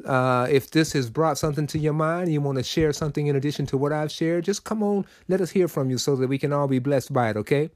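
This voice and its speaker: Man, radio preacher, high voice, folksy preachy delivery addressed to listeners. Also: fast, few pauses, darkish tone, dry recording, clean studio sound. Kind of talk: sermon.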